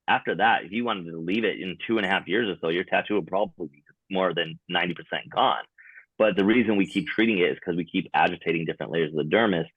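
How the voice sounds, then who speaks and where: A man with a very low voice explains things in a relaxed, casual podcast chat, dropping in plenty of fillers. His voice sounds narrow and thin, like it is coming over a phone line, with a dry, close sound. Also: quick pace, breathy edge, no room sound. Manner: explanatory, laid-back, frequent fillers. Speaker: tattoo removal specialist, podcast guest.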